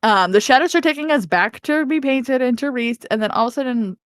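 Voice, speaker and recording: A woman co-hosting a podcast, casually recapping a fantasy novel with animated storytelling, frequent laughs and playful swearing. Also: high voice, brisk, dry recording, clean studio sound. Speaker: podcast co-host.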